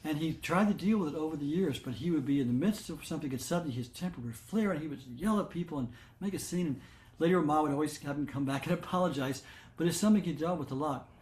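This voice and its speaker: An older man with a slightly high voice tells devotional stories to a gathering. He speaks gently and unhurriedly, pausing on fillers and starting sentences again. The sound has the echo of a roomy space. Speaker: satsang leader. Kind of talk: devotional storytelling talk.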